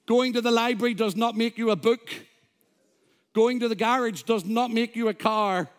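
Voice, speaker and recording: High-voiced man preaching a sermon. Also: steady tone, normal speed, clear, resonant tone. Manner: emphatic preaching with scripture quotes and humor. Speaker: pastor. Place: church.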